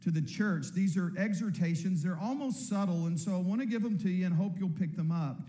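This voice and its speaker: A man preaching a sermon, earnest and emphatic, often repeating words and slowing to stress key points. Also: sits high, dark tone, echoey room. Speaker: pastor.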